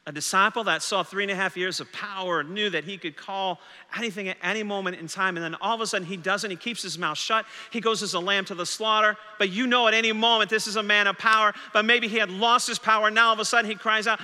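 A male pastor delivers a sermon with swings between hushed lines and urgent, rising questions. His voice sits high and rings bright and sharp. The sound carries a long reverb from the church sanctuary. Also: steady tone, fast talker. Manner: dramatic preaching, voicing doubting disciples' questions. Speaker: senior pastor.

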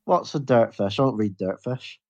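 Blunt, swearing podcast co-host. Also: male voice, mid-range voice, normal speed, no room sound, lo-fi sound. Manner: blunt, swears freely, laughs easily. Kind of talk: casual podcast chat.

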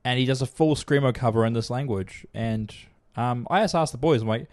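Young kiwi guy, chill sweary banter, average pitch. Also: brisk, a little mellow, dry recording. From New Zealand. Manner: laid-back, sweary banter. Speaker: podcast co-host. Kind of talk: casual chat.

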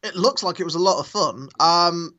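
A man co-hosting a podcast in casual chat, relaxed and amused, rambling a little as he talks. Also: a little high, moderate pace, lo-fi sound. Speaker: podcast co-host.

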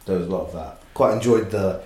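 A man's voice: deep voice, fast, a little mellow, roomy sound. A man casually telling stories as a podcast guest, rambling and swearing freely. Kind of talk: casual storytelling.

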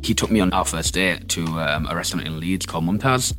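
Deep-voiced loud Yorkshire man. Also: fast, music in the background. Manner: loud, animated, camp, laughing. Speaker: interviewee. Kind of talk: candid storytelling.

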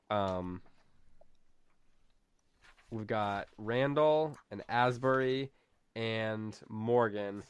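A man co-hosting a casual book discussion, thinking aloud in a relaxed way. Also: medium pitch, smooth, no echo. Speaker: podcast co-host.

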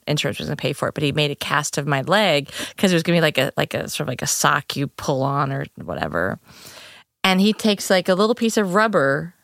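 A woman's voice: low-pitched, creaky, a bit bright, dry recording, clean studio sound. An older woman co-hosting a podcast, chatting casually and giving tips to listeners. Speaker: podcast co-host.

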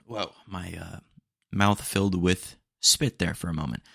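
A man's voice: deep voice, steady tone, a little slow, vocal fry, a bit bright, breathy edge, no echo, clean studio sound. A young man hosting a solo podcast, talking in a candid, rambling way with casual slang and small jokes. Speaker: podcast host.

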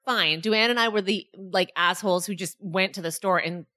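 A young woman co-hosting a casual chat, telling animated stories, swearing freely and acting out what people said. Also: medium pitch, fairly quick. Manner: animated storyteller, swears freely, acts out quotes in raised voice.

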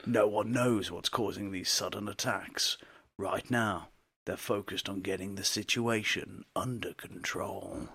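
A man's voice: lowish voice, fairly even intonation, a little slow, vocal fry, fairly bright tone, husky, no room sound. A man co-hosting a casual podcast, reading odd news stories aloud, swearing, laughing often and calling his co-host "mate".

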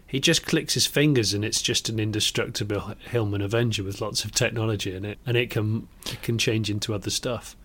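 A man's voice: lowish voice, fairly even intonation, a little fast, few pauses, fairly bright tone. A man co-hosting a podcast, playful in casual comedic chat. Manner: playful, laughs often. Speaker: podcast co-host.

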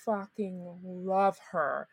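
A woman's voice: fairly low pitch, extremely slow, vocal fry, husky, no room sound. A woman guest on a podcast, chatting enthusiastically and swearing freely. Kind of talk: casual recap chat.

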